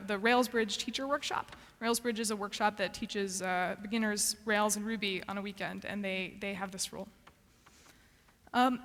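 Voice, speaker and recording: A woman's voice: mid-range voice, sharp tone, in a large hall. A woman giving a practical, earnest conference talk with frequent ums and restarts. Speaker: conference speaker.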